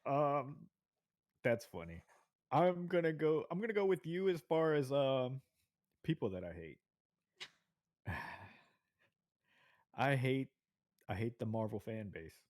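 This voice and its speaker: A man in his thirties chatting casually on a podcast, relaxed and quick to laugh. His voice sits at an ordinary middle pitch, and he tells stories in a loose, rambling way. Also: dry recording. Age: 30s. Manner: laid-back, laughing, rambling storyteller. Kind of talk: casual chat.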